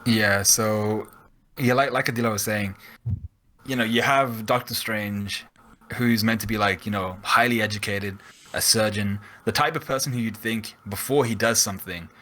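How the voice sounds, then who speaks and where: Casual podcast host, animated storyteller, bright tone. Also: male voice, on the low side, normal speed, slight background noise, poor audio. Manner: animated, acts out characters in quotes. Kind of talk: casual chat.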